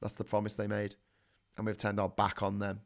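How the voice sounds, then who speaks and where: A middle-aged Scouse man from Liverpool, England hosts a live call-in stream, reading viewer comments aloud and answering with blunt, opinionated rants that swear and build in heat. His voice is low-ish and creaky, with a completely flat delivery at a slightly fast pace.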